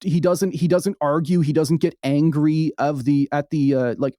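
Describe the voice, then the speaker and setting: A man co-hosting a podcast, recapping a film in wry, casual chat with quick asides. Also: fairly high pitch, steady tone, mellow, no room sound, clean studio sound. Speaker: podcast co-host.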